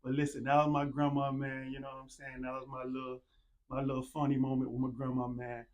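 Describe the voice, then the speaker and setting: A man's voice: mid-range voice, completely flat delivery, brisk, a little mellow. A man hosting his own show in a casual monologue, laid-back and conversational, saying "man" and "you know what I'm saying" over and over. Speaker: podcast host. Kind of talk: casual monologue with shout-outs.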